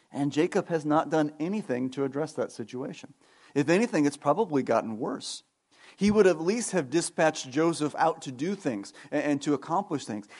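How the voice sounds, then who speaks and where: A pastor giving a Sunday sermon in a conversational manner, often checking in with "right?" and reading scripture aloud at length. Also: male voice, mid-range voice, darkish tone. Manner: conversational preaching with frequent "right?" tags.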